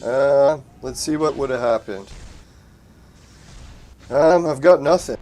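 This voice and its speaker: Man, casual streamer, relaxed and profane, home desk mic. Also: medium pitch, slow pace. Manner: laid-back, swears and laughs often. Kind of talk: casual live-stream chat. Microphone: desk mic through a soundboard.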